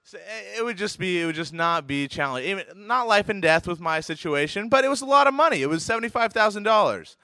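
A man recounts a personal story in a casual, animated way, chuckling and tripping over restarts. His voice sits a touch high and sounds crisp and clear. The sound is dry and close to the mic. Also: quick pace, hardly any pauses, dry recording. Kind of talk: casual spoken anecdote.

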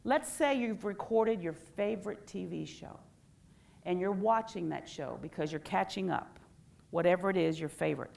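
A middle-aged woman and former teacher giving a lively workshop talk, quizzing the audience and leading call-and-response. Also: on the low side, normal speed, gravelly, slight background noise. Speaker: educator and workshop speaker.

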